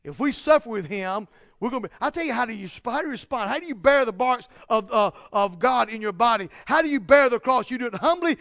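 A man preaching a sermon, building to loud, emphatic peaks and dropping to quiet, slow asides. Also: very high-pitched, animated, no echo, clean studio sound.

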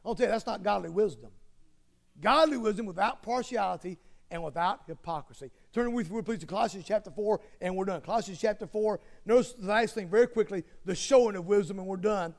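A male preacher with an unusually high voice delivers his sermon. He builds his points through repetition and pushes some lines into emphatic, near-shouted bursts. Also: a little fast, vocal fry. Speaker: pastor.

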